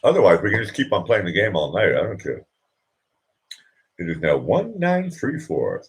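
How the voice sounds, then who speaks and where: A man's voice: low-pitched, wildly swooping pitch, normal speed, slight background noise. A man hosting a casual livestream chat, rambling and joking and laughing often as he talks. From United States. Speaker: livestream host.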